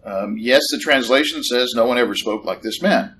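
A man preaching a sermon in a church, conversational and animated, rising in pitch on questions. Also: normal speed, a little hiss or hum, rough recording. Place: church hall.

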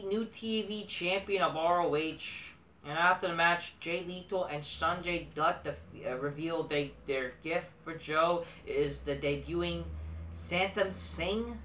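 A man tears into a wrestling show in a scornful, swear-filled rant. His voice has a sharp, forceful brightness and sits back from the mic in an echoey room. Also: high-pitched. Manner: profane, scornful ranting. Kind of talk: ranting show review. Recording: roomy echo, distant mic.

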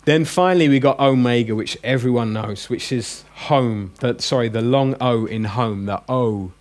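A man teaching a class of adults, chatty and joking as he drills each sound slowly and quizzes the room. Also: medium pitch, a little mellow. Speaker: Greek teacher. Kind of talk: classroom lesson. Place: classroom with a group.

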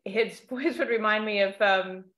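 A woman from the United States co-hosting a casual chat, telling stories animatedly in quick bursts. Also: medium pitch, fairly bright tone. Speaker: podcast co-host. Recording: roomy echo.

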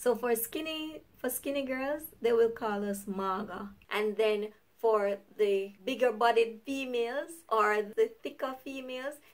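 A woman's voice: a little high, measured pace, hardly any pauses. A woman with a Jamaican accent, hosting her own vlog in an upbeat, chatty way and laughing often. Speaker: YouTuber host. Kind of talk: casual vlog chat.

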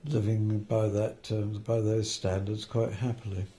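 A man's voice: fairly low pitch, little pitch movement, unhurried, warm tone. An older man, a film editor, telling anecdotes in an interview, hesitant with fillers and restarts and the odd chuckle.

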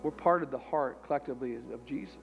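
A man's voice: mid-range voice, fast, gravelly, phone-quality sound, faint music behind. A man preaching a sermon as pastor, talking conversationally and animatedly and repeating his phrases.

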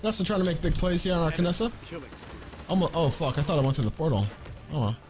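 Hyped, boastful male streamer shouting. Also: on the high side, lively intonation, fast. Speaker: gaming streamer. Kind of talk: excited gameplay commentary. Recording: game music loud behind voice. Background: loud game music.

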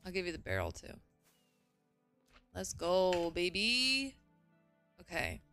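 A young woman streaming a game, chatting casually and gushing with excitement, often exclaiming and swearing. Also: fairly low pitch, takes it slowly, clean tone, soft background music. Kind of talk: casual live gaming commentary.

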